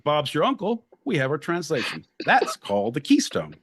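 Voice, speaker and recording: A man's voice: fairly high pitch, wildly swooping pitch, moderate pace, slightly rough. Ranting, foul-mouthed podcast host man. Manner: loud, profane, ranting. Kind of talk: crude comedic banter.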